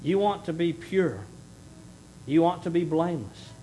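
A middle-aged male pastor preaches in earnest with a fairly high voice, pushing points hard and then sinking to a hushed plea. A faint rumble runs under the recording. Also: a little slow, low-quality recording. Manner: earnest preaching, swings between loud emphasis and hushed pleading. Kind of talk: sermon.

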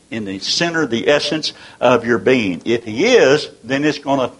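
A man's voice: mid-range voice, husky, low-quality recording. An older man preaching a sermon in a folksy, earnest way, asking many rhetorical questions and often restarting his sentences.

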